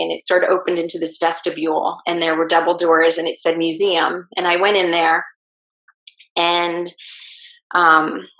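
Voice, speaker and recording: Animated woman telling a story. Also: on the low side. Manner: animated, acts out quoted speech. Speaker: guest. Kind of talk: casual storytelling in an interview. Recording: roomy echo.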